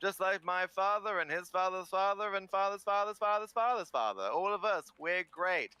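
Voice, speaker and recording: A man's voice: high voice, normal speed, bright, forceful tone, smooth, no echo, voice pushed up. A man doing a bragging young hero. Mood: boastful. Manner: grandiose, bragging. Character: boastful young male contestant from a line of heroes.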